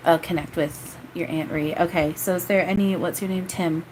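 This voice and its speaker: A woman's voice: lowish voice, steady tone, moderate pace, darkish tone, slight background noise, low-quality recording. A woman doing a live-streamed spirit reading as a medium, rambling and hesitant with many fillers. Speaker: psychic medium.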